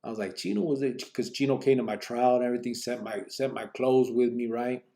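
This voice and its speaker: A man recounts a story his past in loose street slang, trailing off with plenty of fillers. His voice is gravelly and dark, and it jumps higher and louder when he quotes what others said. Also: brisk. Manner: acts out other people's lines in a raised voice. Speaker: podcast host telling his life story. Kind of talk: casual spoken storytelling.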